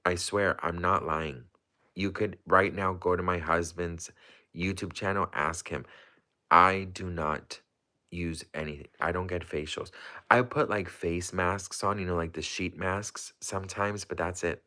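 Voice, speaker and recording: A man chatting casually on a livestream, excitable and rambling with lots of fillers. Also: sits low, a little slow.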